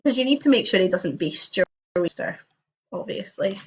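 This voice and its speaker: A woman's voice: mid-range voice, lively intonation, normal speed, slightly rough. A woman reading an interactive story aloud at home, with chatty, jokey asides between passages. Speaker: storybook reader on a livestream. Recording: dull lo-fi livestream audio.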